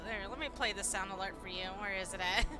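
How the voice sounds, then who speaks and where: A woman's voice: mid-range voice, fast talker. A woman streaming a game live, chatting with viewers and thanking them, stumbling as she reads aloud. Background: game music.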